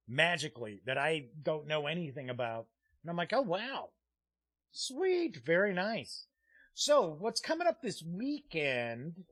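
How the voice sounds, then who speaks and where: A man's voice: on the high side, fairly bright tone, no echo. A man hosting a live-streamed tabletop gaming show, chatting casually and rambling with frequent "uh" fillers as he reads viewer comments aloud. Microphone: streaming desk mic.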